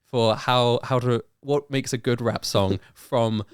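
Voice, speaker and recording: A man's voice: medium pitch, fairly even intonation, slow, smooth, no room sound, studio quality. A British man, a guest rapper in a casual podcast chat, who explains things step by step and thinks aloud with hesitant fillers. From United Kingdom.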